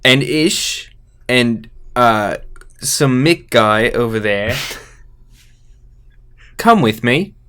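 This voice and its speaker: A man's voice: medium pitch, expressive, drawn-out words, pauses often, a bit bright, clear, resonant tone. A man playing a tabletop game, talking hesitantly with lots of fillers and laughs. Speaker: player. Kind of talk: tabletop role-play.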